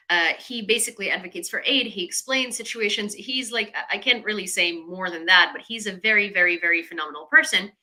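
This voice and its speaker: A woman's voice: mid-range voice, sharp tone, poor audio. A young woman from Ukraine, hosting a casual livestream in a chatty way, with many fillers and sarcastic asides. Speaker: livestream host. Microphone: desk mic.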